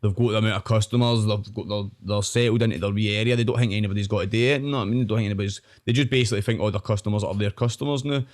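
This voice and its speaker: A man's voice: fairly low pitch, fairly even intonation, rapid-fire, few pauses. A young Scottish man, a podcast guest, rambling in casual chat and often tagging his sentences with "know what I mean".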